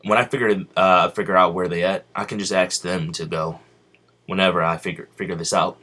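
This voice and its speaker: An aloof young hero speaks in an offhand, matter-of-fact way, as a man quotes him while telling a story. The voice stays low. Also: fairly even intonation, brisk, sharp tone.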